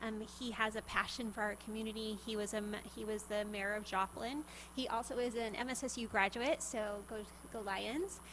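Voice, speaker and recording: A woman's voice: mid-range voice, steady tone, moderate pace, hardly any pauses, a little hiss or hum, rough recording. A woman, a state senator, introducing and endorsing a nominee at a legislative hearing, a little out of breath. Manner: warm, slightly breathless endorsement. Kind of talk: formal remarks.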